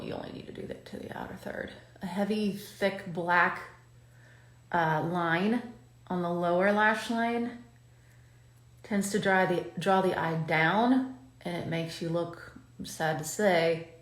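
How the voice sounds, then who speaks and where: In a reverberant space, a woman hosts a makeup tutorial, applying her own makeup on camera as she chats and gives the viewer tips. Her pitch is fairly low, her tone is steady, and she takes her time.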